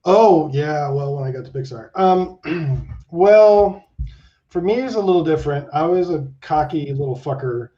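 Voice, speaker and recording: A man around fifty telling stories as an interview guest, animated and swearing, acting out the people he quotes. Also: on the high side, normal speed. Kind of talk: casual interview storytelling. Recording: dull lo-fi sound.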